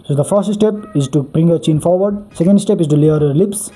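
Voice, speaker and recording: A man's voice: on the high side, a little fast, dark tone. A man hosting a beatbox tutorial, explaining each step earnestly and repeating "really, really" for emphasis.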